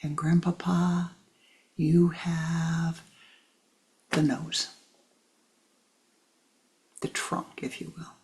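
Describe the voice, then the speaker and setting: A woman voicing a wise, calm owl that gently chides, in a spiritual teaching story. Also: low-pitched, low-quality recording. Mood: amused, calm. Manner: gently chiding, soft and unhurried.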